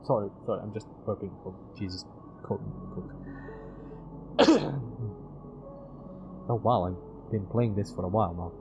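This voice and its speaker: A man's voice: animated, normal speed. A man streaming a game, mumbling his moves to himself and reading the story narration aloud. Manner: mutters to himself, low and offhand. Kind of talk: let's-play commentary and narration. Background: music.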